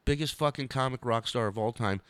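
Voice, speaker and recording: A man's voice: mid-range voice, a little fast, clear, resonant tone, no echo. A male comedian telling a story on a podcast, swearing and acting out scenes. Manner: animated, swearing, acts out scenes. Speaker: comedian guest.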